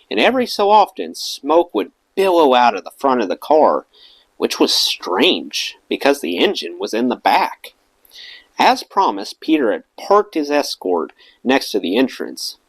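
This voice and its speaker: A man's voice: mid-range voice, no echo. A man reading a memoir aloud for an audiobook channel, telling it expressively. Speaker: audiobook reader.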